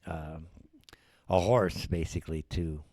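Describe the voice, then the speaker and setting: A man's voice: low voice, fairly even intonation, takes it slowly, darkish tone, dry recording. A man hosting a live show, ranting in heated, sarcastic commentary. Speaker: show host. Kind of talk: livestream commentary.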